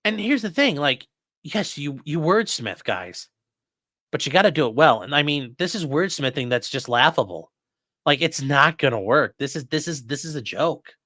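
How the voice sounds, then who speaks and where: Male stream host, blunt and crude commentary; bright, forceful voice with a wide, lively pitch. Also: normal speed, no room sound, clean studio sound. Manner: blunt, profane, mocking.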